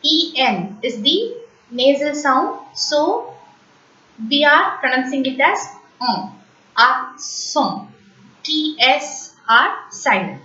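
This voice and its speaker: A woman teaching a beginner French lesson, speaking slowly and patiently and repeating words for learners to copy. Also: sits high, bright, forceful tone. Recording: roomy, distant, dull lo-fi recording.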